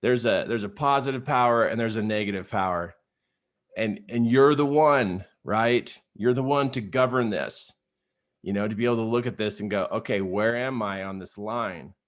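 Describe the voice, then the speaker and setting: A middle-aged man giving an energetic, conversational coaching talk, tossing in "you know" and "right?" as he speaks to an online group. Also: fairly low pitch, normal speed. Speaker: motivational trainer.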